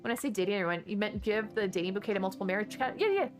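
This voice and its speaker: A woman's voice: medium pitch, lively intonation, very fast, soft background music. A woman from Texas, chatting casually with her viewers and answering chat during a game stream.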